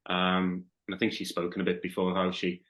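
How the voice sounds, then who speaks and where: A man's voice: sits low, monotone, brisk, fairly bright tone. A man with a Liverpool accent, a podcast guest chatting casually and thoughtfully, often restarting his sentences. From Liverpool, England. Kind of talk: casual chat.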